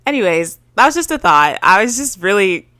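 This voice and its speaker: A woman's voice: mid-range voice, sing-song, brisk, pushed and bright, dry recording, clean studio sound. Giggly, rambling young woman podcaster. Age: young adult. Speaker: podcast host. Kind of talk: solo casual chat.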